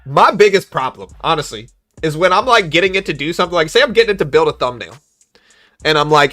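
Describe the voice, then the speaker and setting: A man's voice: fairly high pitch, brisk. A young man hosting a live trading stream, chatting casually and slangily with his audience and reading their comments aloud. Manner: chatty, slangy, reads chat aloud, animated when joking. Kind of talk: casual livestream chat.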